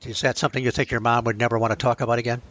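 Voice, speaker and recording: A man co-hosting a radio talk show, cutting in with quick, eager questions. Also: medium pitch, little pitch movement, fairly bright tone, no room sound, dull audio. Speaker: co-host.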